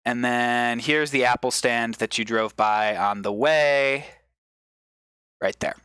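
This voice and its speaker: A male comedian on a live stream, giving an improvised mock lecture as a rambling explainer with sudden excited bursts. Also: medium pitch, slow pace, clear, resonant tone, no echo.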